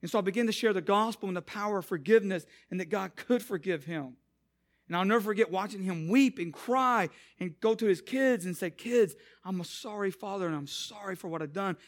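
Young male pastor, high voice, storytelling sermon that swells into emphatic preaching. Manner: conversational, acts out quotes, rises to emphatic preaching.

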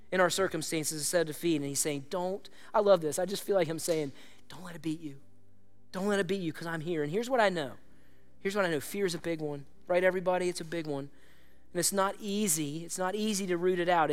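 A man with a high voice preaches in a conversational, animated way. He acts out quoted lines with vivid voices and keeps checking in with the congregation. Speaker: pastor. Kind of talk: sermon.

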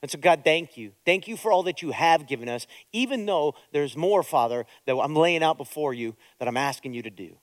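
A middle-aged man preaching a sermon as a pastor, moving between quiet, hushed prayer and loud, urgent exhortation. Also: a little high, lively intonation, a little fast, few pauses, no echo. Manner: preaching with strong swings between soft prayer and loud urging.

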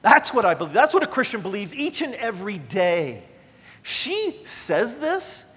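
High-voiced preacher in a reverberant hall. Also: male voice, huge pitch swings, measured pace, fairly bright tone. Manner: conversational and emphatic, addressing the congregation directly. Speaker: pastor. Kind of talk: sermon.

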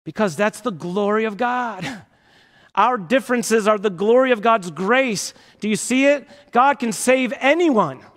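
A man's voice: sits high, a little slow, a bit bright. A man preaching a sermon as pastor, passionate and emphatic, full of rhetorical questions. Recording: reverberant church hall.

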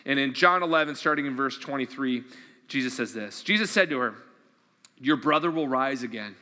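A man's voice: mid-range voice, animated, a little fast, pushed and bright, long reverb tail. A man preaching a sermon in an earnest, conversational way, often repeating questions to his listeners. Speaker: pastor.

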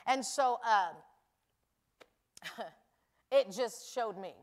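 A woman giving a sermon in a chatty, animated way, telling stories and acting out the people in them. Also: a little high, extremely slow. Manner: animated, acts out voices in anecdotes; chatty, conversational with frequent "you know". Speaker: preacher. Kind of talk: sermon with storytelling.

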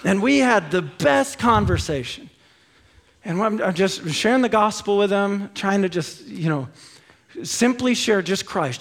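A man's voice: high voice, expressive, a little slow, a bit bright. A man in his thirties preaching a sermon in a church, impassioned and rising to fervent peaks. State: out of breath. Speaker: pastor. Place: church sanctuary.

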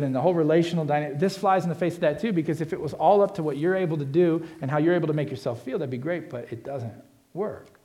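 A middle-aged pastor preaching in an earnest, conversational way, his voice sitting a touch high for a man. He talks like a friend, doubling back on his words. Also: fast talker, mellow. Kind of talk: sermon.

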